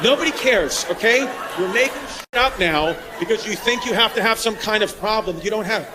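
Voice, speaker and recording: Brief: high-voiced male stand-up comedian, loud and rowdy, live club recording with a laughing crowd and noise. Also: a little fast. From New York. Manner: loud and rowdy, shouting punchlines.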